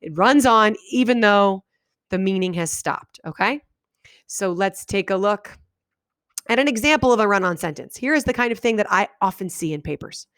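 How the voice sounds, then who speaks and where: A woman teacher talks her students through a video lesson in an animated way, with a voice of middling pitch. She reads example sentences aloud with big, exaggerated pauses. The sound is dry and close, with no room echo. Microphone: webcam microphone.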